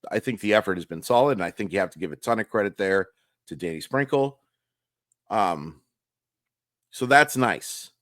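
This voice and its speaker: Young male host, low raspy and hoarse, frank rambling sports recap, dry room. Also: lively intonation, normal speed, long pauses, a bit bright, dry recording. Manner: candid, frustrated, rambling with restarts. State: hoarse, losing his voice. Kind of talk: casual solo game recap. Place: home room, early morning.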